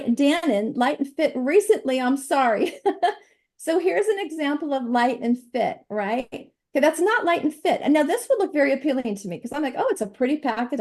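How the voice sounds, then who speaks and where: A middle-aged woman giving a chatty, animated nutrition presentation over slides, laughing often. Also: a little high.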